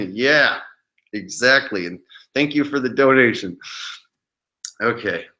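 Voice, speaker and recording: A man's voice: medium pitch, lively intonation, slow, pushed and bright. Profane, mocking man streaming. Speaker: channel host. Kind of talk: casual livestream talk.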